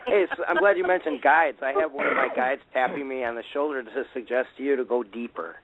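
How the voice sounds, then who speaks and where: A man hosting an interview, asking questions with halting restarts. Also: mid-range voice. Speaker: podcast host. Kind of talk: interviewing a guest. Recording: tinny, dry phone-line audio.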